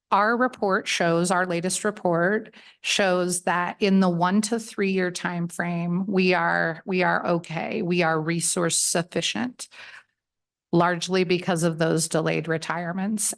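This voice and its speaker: A woman's voice: on the low side, steady tone, slow pace. A woman giving friendly, conversational testimony to a legislative committee at a table microphone, often restarting her phrases as she explains. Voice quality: gravelly. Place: legislative committee hearing room.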